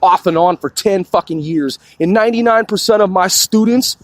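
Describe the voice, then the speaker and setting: A man's voice: high-pitched, moderate pace, dry recording. A man ranting in a profane, combative and boastful monologue, peppering his speech with "dude". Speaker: crowdfunding campaigner.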